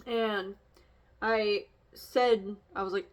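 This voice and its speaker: A young woman with a mid-range, slightly bright voice and a moderate pace talks casually through an oracle card reading and her feelings in a reflective vlog. She rambles, with lots of fillers and restarts.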